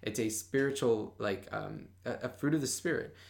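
A young man hosts a Bible study podcast, talking about faith casually but with passion and boldness, full of "like" fillers. His mid-range voice moves at a moderate pace with vocal fry, in casual devotional podcast talk.

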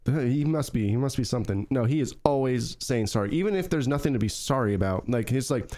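A man's voice: mid-range voice, expressive, quick pace, warm tone. A man co-hosting a podcast in casual chat, rambling with many fillers, restarts and swear words. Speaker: podcast co-host.

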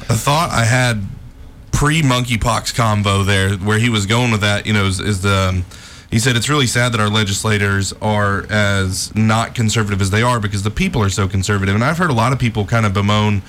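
A man's voice: lowish voice, a little fast, a bit bright. A man co-hosting a talk radio show, talking in emphatic, conversational political banter and repeating his points for emphasis.

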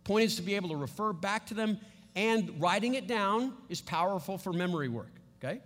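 A man's voice: sits high, lively intonation, a little fast, a bit bright, big-room sound. A man giving a church teaching session as a Bible teacher, coaching his listeners and often checking in with them. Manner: coaching, checks in with frequent "okay?".

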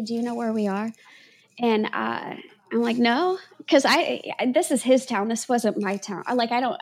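A woman guest on a podcast, earnestly telling a personal story in a rambling way, restarting her sentences and laughing at herself. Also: on the high side.

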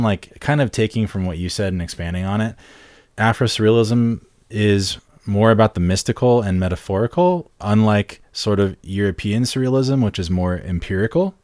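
A man co-hosting a podcast, explaining a term in a measured way with frequent "um" and "like" fillers. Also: low-pitched, darkish tone, no echo. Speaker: podcast co-host. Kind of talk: casual podcast discussion.

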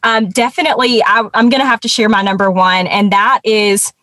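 A woman guest telling a personal story in an earnest, conversational way, with many pauses and restarts. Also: medium pitch, fairly even intonation, sharp tone, dry recording.

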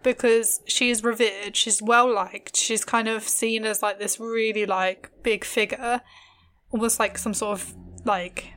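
A young woman co-hosting a casual podcast chat, talking quickly with lots of "like" fillers and asides. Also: on the high side, fairly even intonation, fairly bright tone. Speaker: podcast co-host.

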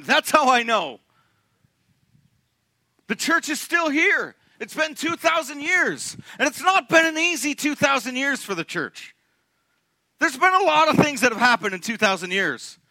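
Young man, pastor, lively joking sermon, very high voice, dry close sound. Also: dry recording. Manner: animated, joking, asks the congregation questions. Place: church sanctuary.

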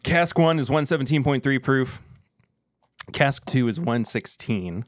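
A man's voice: medium pitch, lively intonation, no room sound. A man talks through a whiskey tasting in loose, joking banter, his voice rising and falling a lot as he rambles. The sound is dry and close, with no room around it. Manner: joking, rambling, quick to laugh. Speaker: co-host of a whiskey tasting show. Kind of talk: casual chat.

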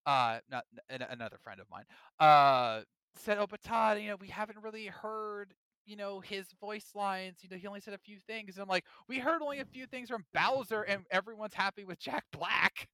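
A high, lively man's voice, bright and crisp, sounding off on a podcast. He talks in an emphatic, animated way, stacking up his points. The sound is dry and close. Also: moderate pace, dry recording. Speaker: podcast co-host. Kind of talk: casual chat.

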